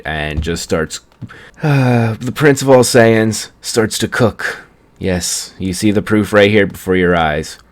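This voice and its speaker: A young man casually recapping an anime episode in a rambling way, chuckling at the story as he goes. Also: deep voice. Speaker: anime reviewer.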